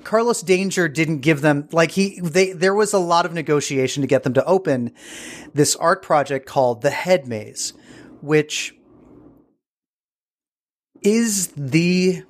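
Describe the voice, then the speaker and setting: A man's voice: fairly high pitch, measured pace, long pauses. A man as an interview guest, telling a story casually and digressively, searching for words as he goes.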